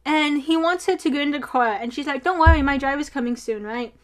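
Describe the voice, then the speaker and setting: A young woman with a high, bright-sounding voice chats casually about the episodes she watched. She talks in an animated way, swears freely and acts out her own reactions as she goes. Her delivery is loose and conversational. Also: brisk. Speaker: podcast co-host. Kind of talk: casual chat recapping a drama.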